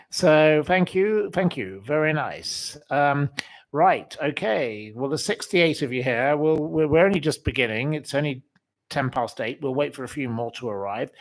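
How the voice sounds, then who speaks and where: A rambling man hosts a livestream from home, chatting over a webcam. His voice sits at an ordinary middle pitch, and he drifts between topics with plenty of fillers and theatrical asides. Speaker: livestream host. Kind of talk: casual chat reading viewer comments. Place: room in a house.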